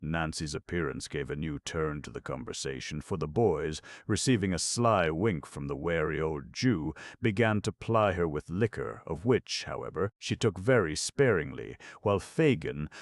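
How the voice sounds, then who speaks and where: A man reading a classic novel aloud as audiobook narrator, in measured, steady storytelling. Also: a bass voice, no echo. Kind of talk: scripted narration.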